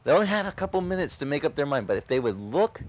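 A man pastor preaching an animated sermon with frequent restarts, voicing quoted figures, at an outdoor beach service. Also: a little high, fast talker.

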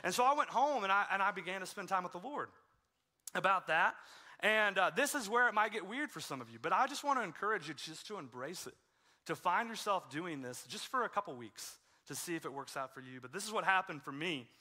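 Bright, high-voiced young-sounding male pastor. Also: expressive, fairly quick. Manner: casual storytelling with self-deprecating humor. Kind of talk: conversational sermon. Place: church sanctuary.

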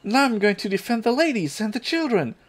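A man voicing an eager young boy who dreams of being a knight, in an excited, childlike way. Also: high-pitched, a little fast, voice pushed up.

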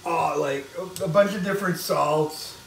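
A man from Wisconsin chats and tells family stories while cooking, slipping into voices for the people he remembers. His voice sits a bit high. The mic hangs well back in a very echoey kitchen, with a clear layer of background noise. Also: measured pace, a bit bright, distant mic. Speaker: home cook and vlogger. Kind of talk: rambling storytelling while cooking. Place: home kitchen.

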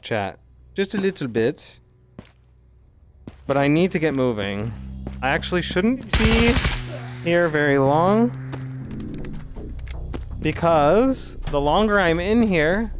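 A man streaming a game live, thinking out loud and talking straight to his chat as he plays. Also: on the high side. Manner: chatty, thinking aloud while playing. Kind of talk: live gameplay commentary to chat.

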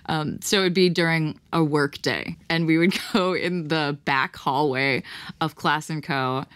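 A woman's voice: sits low, steady tone, unhurried, fairly bright tone, clear, resonant tone, no echo, clean studio sound. A woman in an intimate late-night podcast chat, candid and giggly.

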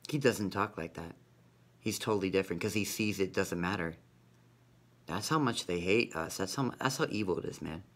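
Low voiced guy rambling on camera, says man every line, kinda sweary. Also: moderate pace, a bit bright. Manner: rambling, repeats "man" constantly; profane, conspiratorial. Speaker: vlogger. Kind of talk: rambling monologue.

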